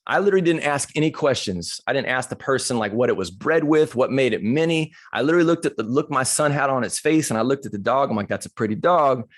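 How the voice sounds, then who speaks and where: Fast and expressive with few pauses, a medium-pitched man gives a motivational talk full of personal stories told in a casual, candid, funny way. He's conversational and acts out the dialogue. The sound is clean studio audio with no echo.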